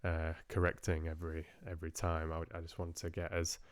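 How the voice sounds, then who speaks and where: A man's voice: low voice, completely flat delivery, a little fast, no room sound, studio quality. A male audiobook narrator hosting a live stream, chatting casually with viewers in a rambling, hesitant way and often restarting his sentences.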